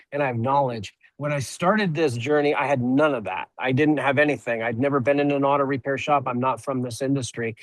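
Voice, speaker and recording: A man who owns an auto repair shop, speaking as a guest on a webinar and telling a story in a halting way, often repeating words as he starts a sentence. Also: on the high side, no room sound, poor audio. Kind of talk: conversational storytelling.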